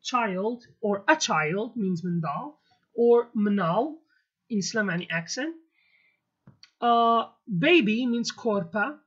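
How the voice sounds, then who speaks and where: A woman's voice: a little high, animated, takes it slowly, breathy edge. A woman with a Kurdish accent, a native Kurdish speaker, teaching words one by one in a casual video lesson, repeating each term and checking in with "okay". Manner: explains word by word, repeats terms, many fillers and okays. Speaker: language teacher. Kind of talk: explaining vocabulary in a video lesson. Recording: dull lo-fi audio.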